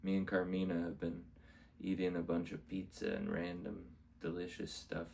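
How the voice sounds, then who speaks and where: A man with a low voice tells his week's stories in a loose, rambling way, and he keeps coming back to the same upbeat words. He is a comedian talking to camera about his shows, and he sometimes acts out what other people said. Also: monotone, moderate pace, gravelly, a little mellow, a little hiss or hum. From Canada. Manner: rambling, repeats "amazing", acts out quotes. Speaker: stand-up comedian vlogging. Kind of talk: casual rambling recap.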